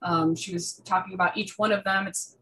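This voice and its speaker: A woman's voice: mid-range voice, fairly even intonation, brisk, sharp tone, rough recording. Young woman gushing about reptiles. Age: young adult. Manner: chatty, full of fillers and restarts. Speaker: guest artist. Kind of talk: casual interview chat.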